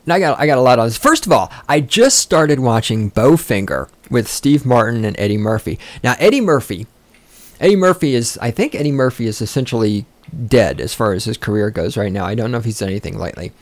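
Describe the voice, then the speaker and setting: A man's voice: mid-range voice, animated, fairly quick, no room sound. A man hosting a podcast, ranting in a rambling, profane, sarcastic way and getting sidetracked easily. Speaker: podcast host. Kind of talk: rambling casual rant.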